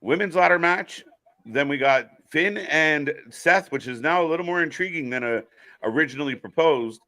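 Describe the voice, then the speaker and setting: A man's voice: on the high side, normal speed, pushed and bright. A man hosting a live wrestling stream, chatting casually, joking and speaking straight to viewers. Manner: jokey, addresses viewers directly. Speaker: host.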